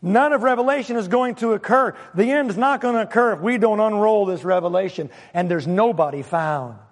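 Casting: male pastor, scratchy throat, high voice, emphatic sermon delivery, long church-hall reverb. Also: fairly quick. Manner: animated, emphatic preaching with sudden loud exclamations.

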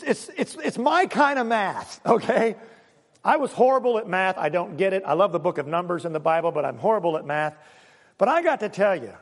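A man preaching a sermon as pastor, lively and joking, with emphatic repeated points and asides to his congregation. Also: high voice. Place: church sanctuary. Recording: long reverb of a church hall.

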